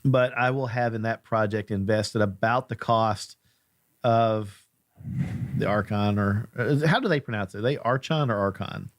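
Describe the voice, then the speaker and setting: A man's voice: fairly low pitch, moderate pace, no echo, studio quality. A man hosting a podcast, chatty and joking in a self-deprecating way. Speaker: podcast host. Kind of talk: casual podcast chat.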